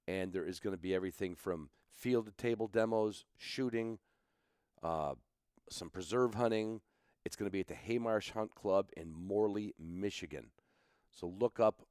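Deep, darkish, and clean, this man's voice carries a rambling, casual podcast recorded at a garage picnic table. Road-weary, he makes self-mocking jokes and drifts into asides.

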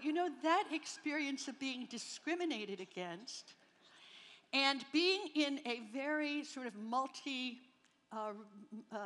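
A woman's voice: high-pitched, a bit bright. A woman in her seventies from New Jersey, giving a humorous, candid faith testimony at a rally. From New Jersey, near New York City. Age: 70s. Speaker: speaker at a Christian rally. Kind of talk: personal faith testimony to an audience. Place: large hall at a rally. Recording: long reverb of a large hall.

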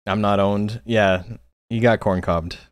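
A man's voice: fairly low pitch, fairly even intonation, measured pace, no room sound, studio quality. A man casually commenting on a game tournament stream, rambling with frequent filler words.

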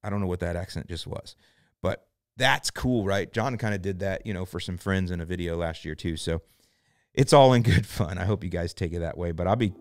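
A man's voice: low voice, brisk, no echo. A man hosting a podcast, talking casually and playfully, laughing often and rambling. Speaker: podcast host. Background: faint music.

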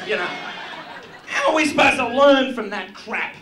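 With an extremely high-pitched, animated voice, an Australian stand-up jokes crudely at the crowd at a moderate pace, dropping long pauses. Background noise runs through this roomy live recording with the audience.

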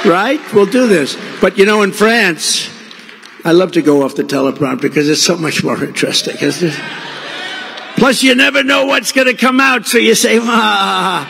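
Man giving a rally speech, higher voice, long echo of a big hall. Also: moderate pace, fairly bright tone, a faint crowd, a little hiss or hum. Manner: rambling storytelling with acted-out quoted dialogue. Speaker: political candidate. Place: large venue.

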